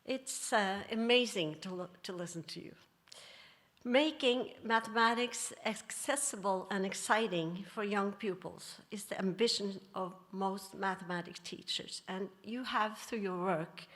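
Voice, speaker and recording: A woman professor giving a formal, prepared ceremony speech in a measured way, phrases trailing off softly. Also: medium pitch. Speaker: professor and committee leader.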